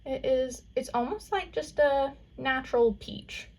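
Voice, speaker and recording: A high-sitting, darkish voice, a little slow, belongs to a young woman with a Southern US accent doing a makeup tutorial. She chats casually, her speech full of valley-girl fillers like "like" and "um."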